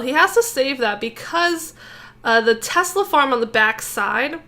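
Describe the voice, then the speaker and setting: A woman's voice: a little high, a bit bright. A young woman hosting a gaming video, giving a casual, upbeat commentary recap of a strategy game attack. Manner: upbeat, chatty recap with fillers.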